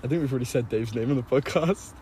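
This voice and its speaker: A man's voice: medium pitch, fast talker, mellow. A young man with a casual, laughing manner, hosting a podcast and telling work stories. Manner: laughing, swearing storyteller. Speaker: podcast host. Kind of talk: casual chat. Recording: noisy background.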